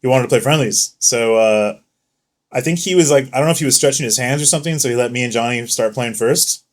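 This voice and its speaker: A man's voice: mid-range voice, fast talker. Young male podcast co-host, casual storyteller, swears a lot, laughs often. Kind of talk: casual chat.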